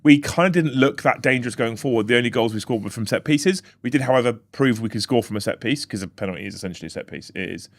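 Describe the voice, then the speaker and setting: A man's voice: medium pitch, fast, hardly any pauses. A man co-hosting a casual football podcast, teasing and giggling at his friend. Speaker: podcast co-host.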